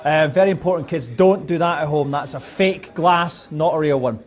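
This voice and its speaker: A man's voice: fairly high pitch, moderate pace. A man hosting a video game TV show in a wry, mock-pompous, jokey style. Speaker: host. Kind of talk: comic scripted TV presenting.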